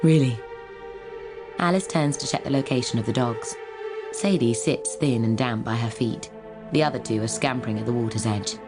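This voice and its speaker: A woman audiobook narrator reading a novel in a steady, wry storytelling manner, with a music soundtrack behind her. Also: a bass voice, a little fast. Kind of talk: scripted narration.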